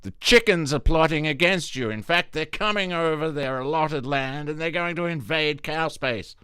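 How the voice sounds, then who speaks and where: Wheedling high-voiced farmer, a man putting it on, hurried and placating, for a comic animation pitch. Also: pushed and bright, smooth, no room sound. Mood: coaxing. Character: fussy male farmer distracting his cows.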